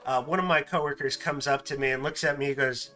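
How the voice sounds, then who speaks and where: A man hosting a casual stream, telling animated stories and laughing often. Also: mid-range voice, fast, faint music behind. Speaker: streamer host. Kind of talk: casual chat.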